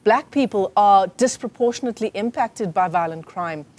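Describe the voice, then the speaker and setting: A South African woman anchors a live news interview at an ordinary mid pitch. She asks her questions conversationally, often restarting and repeating herself before she lands the point. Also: normal speed, darkish tone. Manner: conversational, hesitant, repeats words.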